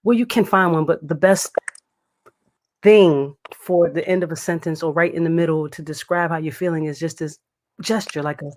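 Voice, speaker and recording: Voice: mid-range voice, steady tone, moderate pace, darkish tone, a little hiss or hum. Laid-back open mic host. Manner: laid-back, repeats words like "indeed" and "dope". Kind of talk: casual chat.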